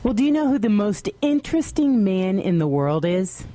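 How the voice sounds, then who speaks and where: A woman's voice: mid-range voice, very animated, moderate pace, dark tone. A woman reading a radio news teaser as the anchor, with a playful, teasing delivery.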